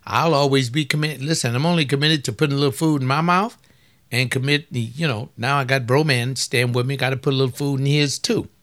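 A man's voice: medium pitch, steady tone, fairly quick, a bit bright. A man giving a folksy, preaching-style talk on family life. He teases his listeners and fires off rhetorical questions.

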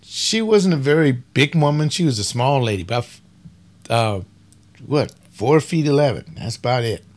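A man hosting a radio hour, preaching in a relaxed, conversational way and asking rhetorical questions between songs. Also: mid-range voice, moderate pace.

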